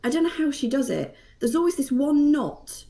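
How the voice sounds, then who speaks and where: Woman, thirties, mellow tone, chatty and self-deprecating storyteller, casual podcast chat. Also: high-pitched, very animated, normal speed. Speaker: mother and guest.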